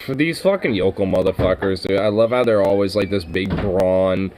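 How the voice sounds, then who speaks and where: A man's voice: low voice, normal speed, noisy background. A man in casual, profane podcast banter, rambling with lots of fillers and frequent laughs.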